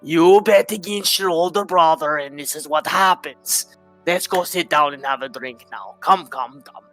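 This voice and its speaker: A man's voice: on the high side, unhurried, sharp tone, soft background music. A man doing a burly, gloating dwarf big brother. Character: burly boastful older male dwarf brother.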